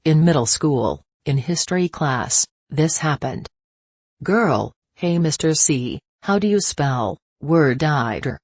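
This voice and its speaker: A text-to-speech voice reading short stories in an even synthetic delivery. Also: mid-range voice, slow, no room sound. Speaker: story narrator.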